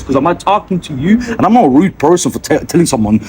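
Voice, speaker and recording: A man's voice: fairly high pitch, sing-song, quick pace, darkish tone, a little hiss or hum. Rambling man, slangy filler talk. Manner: meandering, filler-heavy, keeps tagging sentences with a slangy address. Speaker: vlogger. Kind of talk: rambling monologue to camera. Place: outdoors on a street bench.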